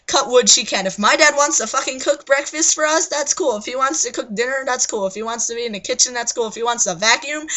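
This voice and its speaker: A woman's voice: on the high side, sharp tone, poor audio. A young adult woman in her bedroom at night, ranting into her webcam in a scattered, agitated way and swearing often. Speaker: vlogger. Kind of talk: rambling webcam rant.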